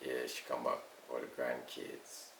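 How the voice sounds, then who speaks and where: An older Jamaican man with a gravelly voice tells family memories at an easy, reminiscing pace. He sits well back from the mic in an echoey room with a faint hiss of noise underneath. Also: extremely low pitch, completely flat delivery, distant mic. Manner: unhurried, reminiscing storyteller. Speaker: elder being interviewed. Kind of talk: casual recollection.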